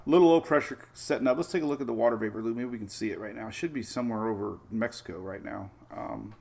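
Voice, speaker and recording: Fast-talking and medium-pitched with vocal fry, a man runs a laid-back live weather show, rambling over the maps and breaking into excitable asides.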